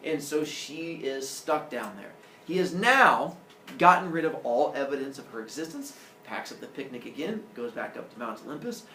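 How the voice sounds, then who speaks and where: A male teacher telling myths to his class in a jokey, animated way, acting out the characters. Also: medium pitch, normal speed, slight background noise. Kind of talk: storytelling lesson. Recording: roomy classroom audio from far off.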